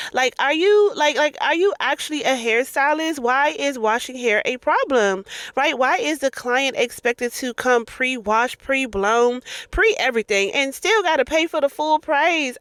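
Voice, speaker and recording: Brief: woman, 30s, reaction-commentary host; high voice, dry close recording, emphatic and questioning. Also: a bit bright, no echo. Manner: emphatic, rhetorical questions, drawn-out asides.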